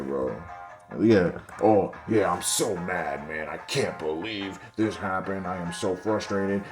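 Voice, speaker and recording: Young guy, low voice, exasperated rants over replay clips, faint music behind. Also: a little mellow. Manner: exasperated ranting, keeps addressing viewers as guys and bro. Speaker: football commentary channel host. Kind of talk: casual video commentary over game footage.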